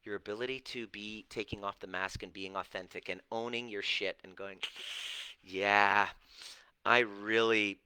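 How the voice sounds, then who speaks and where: A man's voice: on the low side, steady tone, brisk, hardly any pauses, bright, forceful tone, smooth, no room sound, poor audio. A middle-aged man coaching on relationships and healing, talking bluntly and preachily with profanity and mocking put-on voices. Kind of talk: direct-to-camera talk answering viewers.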